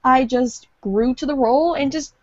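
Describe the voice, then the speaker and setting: A woman's voice: high-pitched, moderate pace, no room sound. A woman who is a fan voice actor, chatting casually and rambling a bit, on dull lo-fi audio. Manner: chatty, rambling, self-deprecating. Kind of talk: casual podcast chat.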